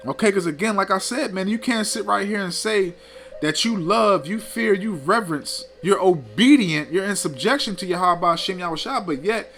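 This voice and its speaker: A man's voice: high voice, normal speed, a bit bright, faint music behind. A man teaching scripture in a scolding, preachy way, often tagging lines with "man" and "okay". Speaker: teacher of a religious group.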